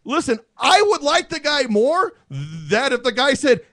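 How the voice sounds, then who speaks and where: A man hosting a casual talk show, brash and quick to laugh while he argues. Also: extremely high pitch, big pitch swings, a bit bright. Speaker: host. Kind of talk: casual political banter.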